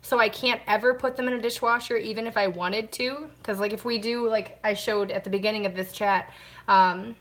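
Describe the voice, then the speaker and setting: A woman's voice: medium pitch, fairly even intonation, a little fast. A woman hosting a casual live stream at home, chatting to viewers, greeting them and answering comments while washing glasses by hand.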